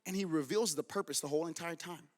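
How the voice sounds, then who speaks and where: A man's voice: on the high side, quick pace. A man preaching a sermon as pastor in a church, urging his congregation with fervent conviction. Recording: long reverb of a large church hall.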